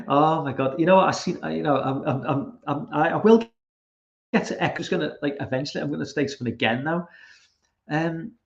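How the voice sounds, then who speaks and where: A man's voice: on the high side, brisk, gravelly. Rambling man ranting on a livestream. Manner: rambling, swearing, many restarts. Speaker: livestream host. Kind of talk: casual ranting livestream chat. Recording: roomy, dull lo-fi sound.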